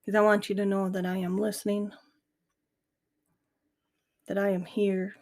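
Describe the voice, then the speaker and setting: A middle-aged woman hosts a grief podcast, offering a casual, reflective monologue that is candid and earnest. Her mid-range voice is a little mellow, moves little in pitch, and keeps a measured pace.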